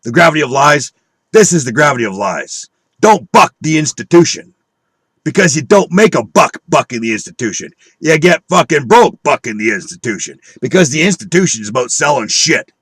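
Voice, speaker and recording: Husky, profane man ranting angrily. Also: on the high side, big pitch swings, a little fast, a bit bright, no room sound. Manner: profane, combative, scornful, preaching to viewers. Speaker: online video speaker. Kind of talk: angry conspiracy rant.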